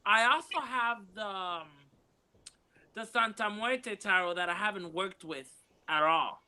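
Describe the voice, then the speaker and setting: A woman's voice: mid-range voice, measured pace, pushed and bright, smooth. A woman chatting casually on a livestream, rambling with many fillers and restarts. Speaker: panel guest.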